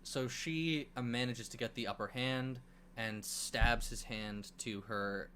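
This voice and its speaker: A man co-hosting a casual movie review podcast, recapping the plot in an animated way with swearing and acted-out quotes. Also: mid-range voice, takes it slowly, slight background noise. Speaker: podcast co-host.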